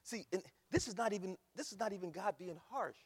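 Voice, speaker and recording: A man preaching a sermon as pastor, swinging from soft asides to loud shouting, mocking quoted voices along the way. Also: sits high, lively intonation, a little fast, husky. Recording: echoey hall recording.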